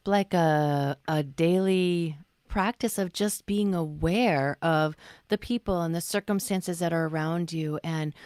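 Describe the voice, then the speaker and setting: A woman's voice: on the low side, a little mellow, dry recording, clean studio sound. A woman co-hosting a spiritual podcast who speaks reflectively and asks many questions. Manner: thoughtful, poses questions. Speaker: podcast co-host.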